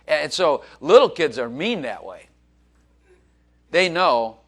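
A middle-aged man preaching a sermon, animated, acting out quoted voices and joking. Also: mid-range voice, slow, long pauses. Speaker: pastor.

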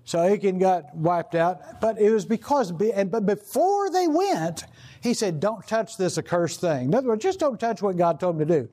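A man's voice: high-pitched, sing-song, moderate pace, dark tone. An older man preaching a sermon in a rambling, conversational way, full of "you know" and restarts. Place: outdoor gathering.

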